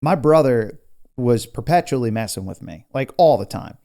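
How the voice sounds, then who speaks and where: Relaxed male podcast co-host with a mellow, low-key voice who spins easygoing anecdotes. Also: moderate pace, creaky. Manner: laid-back storyteller, says dude and man. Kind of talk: casual podcast chat.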